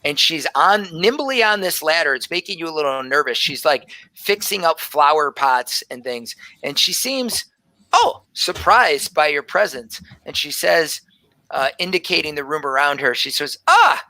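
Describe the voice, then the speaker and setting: Male game master, mid-pitched, bright and gravelly, narrating a tabletop scene casually. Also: expressive, moderate pace, no room sound, poor audio. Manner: loose, filler-heavy description.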